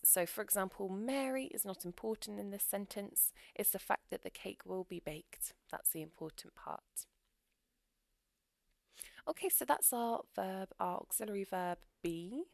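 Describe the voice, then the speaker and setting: A woman teaching English grammar in a recorded lesson, explaining clearly and steadily with example sentences. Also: mid-range voice, no room sound, clean studio sound.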